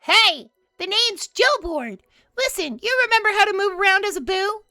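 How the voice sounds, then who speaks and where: Man doing a high, fast talking sign. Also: animated, sharp tone, no echo, clean studio sound, soft background music, exaggerated voice. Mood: instructive. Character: chatty talking signboard, male, brisk.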